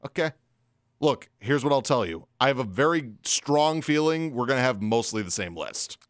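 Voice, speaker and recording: A man co-hosting a casual wrestling podcast, talking fast and acting out what others said. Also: medium pitch, dry recording, clean studio sound. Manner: animated, acts out quoted lines. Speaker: podcast co-host.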